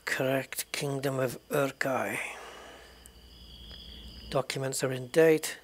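A man hosting a let's play, quietly thinking aloud as he checks documents in a game. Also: mid-range voice, flat delivery, extremely slow, long pauses, slight background noise. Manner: quiet, muttering thoughts aloud. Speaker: gaming channel host.

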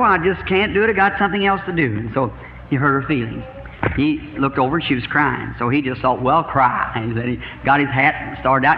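A man with a Southern accent preaching, telling homespun stories in a chuckling, drawn-out way to a congregation. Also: mid-range voice. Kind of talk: folksy storytelling sermon. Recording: dull lo-fi archival sermon tape, long hall reverb, faint hiss.

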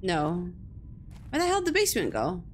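A woman's voice: fairly low pitch, huge pitch swings, fairly quick, slight background noise. A young woman streaming a horror game, jumpy, swearing freely and talking back at the game as she plays. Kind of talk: live-streamed gameplay commentary.

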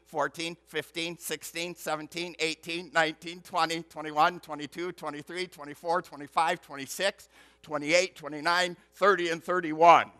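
A male pastor preaching a sermon emphatically, moving between loud stressed words and hushed asides, and building rhythm through repetition. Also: a little high, dry recording.

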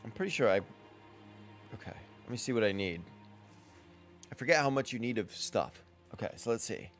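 A man's voice: mid-range voice, lively intonation, brisk, faint music behind. A man giving casual let's-play commentary while he plays a survival game, chatting to himself and to the game's characters and yelping when something startles him. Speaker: gamer playing a survival game.

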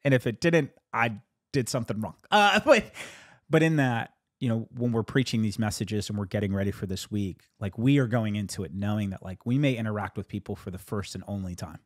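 A pastor chats casually about his sermon in a brisk, animated storytelling style, laughing often and pitching his voice higher when quoting people. The recording is studio quality with no room sound.

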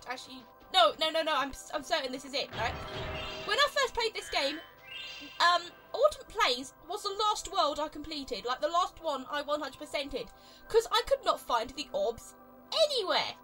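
A young woman with an exaggerated British accent chats excitably while playing a video game, often wandering off on tangents. Her voice is high and bright. Faint music plays behind her. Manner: chatty, excitable, rambling. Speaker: let's play host. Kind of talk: gameplay commentary.

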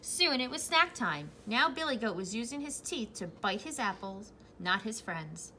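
A young woman who teaches preschool, reading a picture book aloud to young children in a slow, encouraging way. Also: on the high side, big pitch swings, sharp tone, slight background noise. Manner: slow, sing-song, encouraging.

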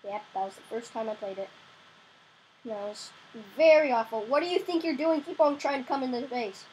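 A young woman giving casual gameplay commentary, excitable, crying out in frustration now and then. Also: sits high, a little fast, a little hiss or hum, poor audio. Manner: excitable, yelps and cries out in frustration. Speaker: gamer.

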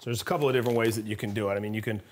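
A man's voice: fairly low pitch, steady tone, racing, noisy background. A man, a chef, chatting casually while cooking in a demo kitchen, telling stories with frequent laughs and restarts.

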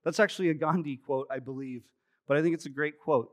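Speaking briskly in a slightly high voice, a man in his thirties delivers a sermon at a live church service in the sanctuary. He's the pastor, and he shares stories conversationally with plenty of self-deprecating humor for his congregation.

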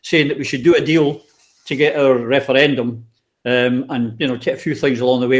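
A man's voice: mid-range voice, steady tone, a little fast. A man hosting an interview, speaking emphatically and putting pointed rhetorical questions. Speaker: host. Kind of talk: conversational political interview.

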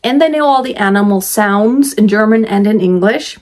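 A woman's voice: mid-range voice, normal speed, darkish tone. A woman talking casually to camera as a vlogger and mother of twins, chatty and rambling, often restarting and laughing.

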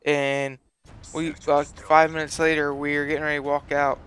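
A man's voice: a little high, monotone, moderate pace, a bit bright, a little hiss or hum. A teenage boy giving casual, rambling gameplay commentary, swearing freely and filling his talk with "like". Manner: rambling, profane, full of "like" fillers. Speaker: gaming channel host.

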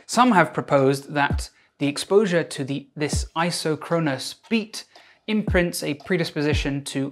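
A man, a doctor, narrating a scripted educational video with wry, self-mocking asides. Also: a little high.

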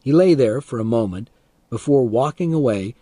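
A man reading a first-person story aloud as an audiobook narrator, calm and expressive, for English learners. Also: medium pitch, moderate pace, no room sound.

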